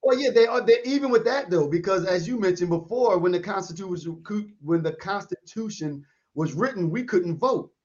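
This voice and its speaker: A man in a casual debate who talks in a measured way and hedges a lot with "you know". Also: high-pitched, lively intonation, a little mellow. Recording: dull lo-fi sound.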